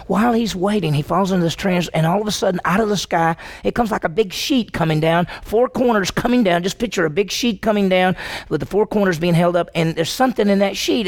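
A pastor delivers a sermon in a gravelly, mid-pitched voice. The telling is vivid and dramatized, with frequent questions put straight to the congregation. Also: a little mellow. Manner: storytelling, acting out the dialogue; emphatic, asks the congregation questions.

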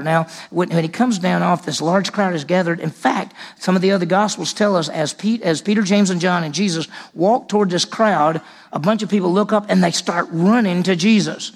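Man preaching, retells scripture scenes with acted dialogue, gravelly voice, church setting. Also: high voice, moderate pace, hardly any pauses. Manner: storytelling preacher who acts out the scripture dialogue. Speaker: pastor. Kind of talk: sermon.

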